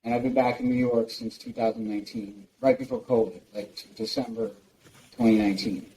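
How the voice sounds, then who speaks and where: A man's voice: on the low side, fairly even intonation, a little fast, mellow, poor audio. A man in his forties from New Jersey, a guest telling loose stories full of fillers and swearing in a casual interview. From United States, New Jersey. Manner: loose, profane storytelling with many fillers.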